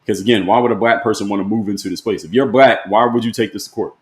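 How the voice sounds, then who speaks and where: A man with a fairly low voice hosts a live-stream and talks his point through in plain, everyday words. He leans on rhetorical questions and keeps asking them again. The sound comes from a room with a clear echo. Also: very fast. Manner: plain-spoken, argues with repeated rhetorical questions. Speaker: host.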